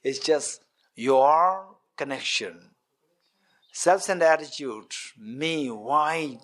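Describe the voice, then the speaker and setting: A man's voice: fairly high pitch, slow. Questioning, repetitive male dharma teacher. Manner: repetitive, questioning the audience, animated with gestures. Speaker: Buddhist teacher. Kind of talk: dharma teaching to a retreat audience. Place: meditation centre hall.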